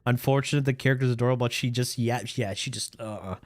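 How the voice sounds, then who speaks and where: Animated, profane male streamer. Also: fast talker, no echo. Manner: animated, profane, swinging pitch. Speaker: livestreamer. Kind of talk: casual stream reaction chat.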